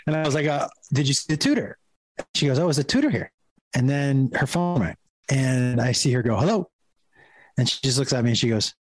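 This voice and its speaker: With a medium-pitched, sing-song delivery at normal speed, a middle-aged comic guest narrates a funny story, pausing often. There's no echo, and he keeps laughing and voicing the people he quotes.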